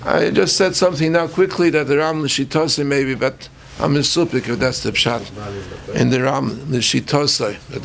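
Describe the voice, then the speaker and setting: Gravelly rabbi teaching a Talmud class. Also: male voice, medium pitch. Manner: Yiddish-flavored English, quick back-and-forth with students, learned terms.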